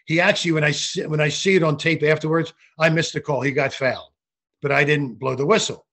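A man's voice: a little high, brisk. Older man telling referee stories. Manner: animated anecdotal storytelling with frequent restarts. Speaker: retired basketball referee. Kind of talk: storytelling interview.

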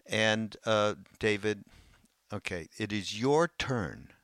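Deep-voiced man in loose podcast chat. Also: lively intonation, slow, fairly bright tone, no echo, studio quality. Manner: loose, chatty, with fillers. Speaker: podcast co-host.

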